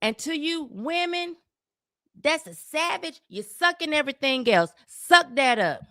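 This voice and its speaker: A woman's voice: high-pitched, animated, a little slow, pushed and bright, no room sound, clean studio sound. An adult woman giving a sarcastic, scolding opinion monologue as a social commentator, repeating words as she gets fired up.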